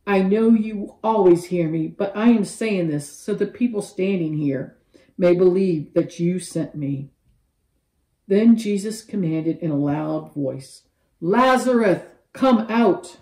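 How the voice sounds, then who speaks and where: A woman teaching a children's Bible lesson, telling the story with animated, expressive voices for each character. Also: fairly low pitch, reverberant, rough recording.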